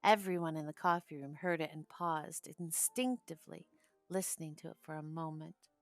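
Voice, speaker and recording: Woman narrating an old novel, lowish voice, dry close sound, faint music behind. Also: normal speed, dry recording. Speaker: audiobook narrator. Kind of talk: audiobook narration of a classic novel.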